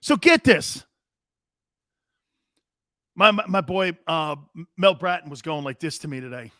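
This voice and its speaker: Excitable talk-show man, bright and dry. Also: a little high, a little slow, long pauses, no echo. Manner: loud, excitable, storytelling with bursts of shouting and laughter. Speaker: sports talk show host. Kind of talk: casual rambling sports talk.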